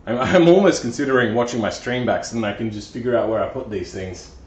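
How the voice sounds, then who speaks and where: A man's voice: medium pitch, fast. Man, car repair streamer, muttering to himself, playful, self-mocking, distant mic, echoey garage. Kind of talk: casual live-stream chatter while working. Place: garage or workshop.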